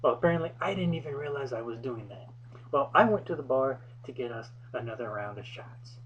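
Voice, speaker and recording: A man's voice: mid-range voice, animated, a little fast, a bit bright, highs cut off. A young man hosting his vlog, telling a story from his past in a wry, self-deprecating way. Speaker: vlog host. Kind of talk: casual storytelling.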